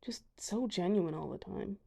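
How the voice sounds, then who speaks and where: A woman's voice: mid-range voice, moderate pace, gravelly, dark tone, breathy edge. A young woman giving a casual voice-over of a video game, chatty with self-deprecating asides. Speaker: gamer showing her dragons.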